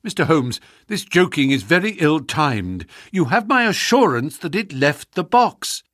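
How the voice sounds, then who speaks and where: An agitated statesman who presses hard for answers, voiced by a male reader. His voice leaps up and down and stays forceful. The sound is dry and close. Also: on the high side, unhurried, no echo. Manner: excited, insistent. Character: agitated male government minister.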